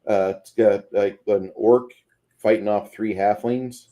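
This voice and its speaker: Mellow-voiced man showing miniatures. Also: lowish voice, fairly even intonation, slow. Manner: reads viewer comments, shows figures on camera. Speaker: co-host. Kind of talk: casual chat about miniatures. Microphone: video call webcam.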